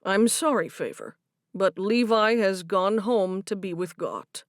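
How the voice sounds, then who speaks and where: A woman voicing a calm grown man who delivers bad news slowly and steadily in an audiobook. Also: mid-range voice, dry recording, clean studio sound, lightly acted. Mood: somber. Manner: slow, steady, subdued. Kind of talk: audiobook character voice.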